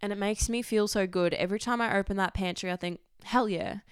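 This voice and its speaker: A woman's voice: medium pitch, steady tone, fast, clear, resonant tone, dry recording, clean studio sound. A young Australian woman talking casually and candidly about her life, rambling a little, swearing freely and laughing often. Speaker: vlogger. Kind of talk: casual personal chat.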